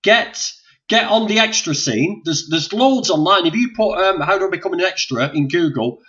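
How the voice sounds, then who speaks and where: A man's voice: sits high, lively intonation, normal speed, bright, forceful tone. A man hosting a casual live chat over a video call, rambling and encouraging. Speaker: host. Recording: dull lo-fi stream audio.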